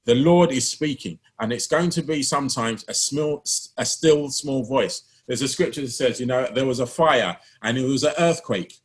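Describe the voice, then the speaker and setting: A man's voice: medium pitch, moderate pace, hardly any pauses. A man preaching a sermon with passion, repeating words and phrases for emphasis.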